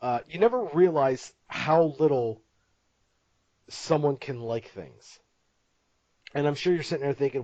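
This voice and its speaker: A man's voice: medium pitch, expressive, a little slow, pauses often, darkish tone, dry recording, muffled recording. Rambling, laughing male podcast host. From Italian-American family. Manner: rambling, laughs often, jokey. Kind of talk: casual podcast chat.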